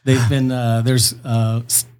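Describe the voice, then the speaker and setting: A man who is a police officer, answering interview questions in a measured, explanatory way with frequent pauses. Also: medium pitch, little pitch movement, a little mellow, clean tone.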